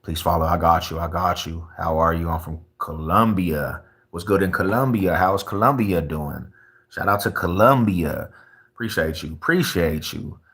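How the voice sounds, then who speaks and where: A man's voice: low voice, moderate pace, a bit bright, husky. A young man from Colorado chatting casually with viewers on a livestream, laid-back and full of street slang. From Colorado, USA.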